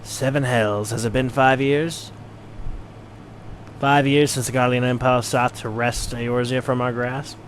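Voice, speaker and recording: A man's voice: mid-range voice, little pitch movement, a little slow, a little hiss or hum, lightly acted. A man voicing a stern, proud female pirate admiral from a game, attempting a Scottish accent and giving grand, formal speeches with some stumbles. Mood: grave.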